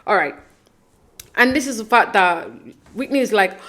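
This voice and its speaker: A woman with a mid-range, bright, expressive voice speaks at a normal pace with a forceful tone. She hosts a casual podcast recapping a reality show, chatty and opinionated, full of fillers and restarts, and she acts out quoted lines in mock voices.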